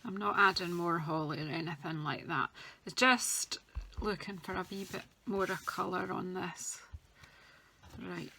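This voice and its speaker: A woman chatting casually through a craft tutorial, talking as she works and going soft and quiet when she concentrates. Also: fairly low pitch, steady tone, unhurried, gravelly, a little hiss or hum. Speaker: craft demonstrator.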